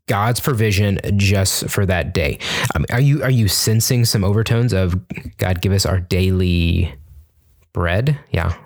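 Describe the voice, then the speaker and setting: A young man giving a casual, chatty Bible lesson, informal and full of fillers and restarts. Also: on the low side. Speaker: Bible teacher.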